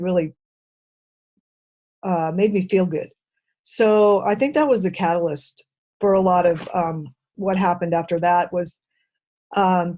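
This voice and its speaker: A middle-aged woman tells her own story as a guest on an interview show. Her voice is mellow and warm, and she speaks softly and thoughtfully, pausing on "um" as she gathers her memories. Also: medium pitch. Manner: soft-spoken, reflective, hesitant with "um" and "uh".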